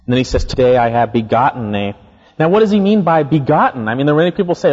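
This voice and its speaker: A man's voice: mid-range voice, a little mellow, slightly rough, lo-fi sound. Emphatic male preacher in reverberant hall. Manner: emphatic, repeats key points, slows to stress words. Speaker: pastor. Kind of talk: expository sermon.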